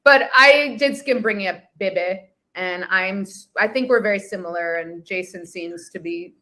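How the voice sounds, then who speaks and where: A woman's voice: mid-range voice, moderate pace, sharp tone. A woman guest on a podcast, chatting casually with wry, self-deprecating quips. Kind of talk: casual chat.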